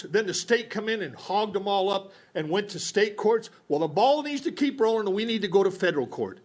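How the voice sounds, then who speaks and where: Angry breathless man giving public comment. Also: high voice. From Newberry Springs, California.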